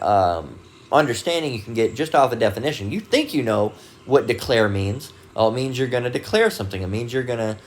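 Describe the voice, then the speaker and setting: A man giving a casual, rambling Bible teaching talk, full of fillers and restarts, and reading dictionary definitions aloud. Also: mid-range voice. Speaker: religious video host.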